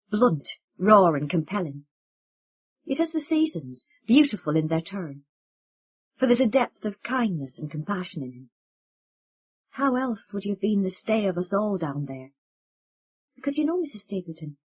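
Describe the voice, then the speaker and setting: A woman's voice: medium pitch, slightly rough, highs cut off. Woman voicing rambling old Irish father. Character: older Irish father, warm, rambling, self-mocking man.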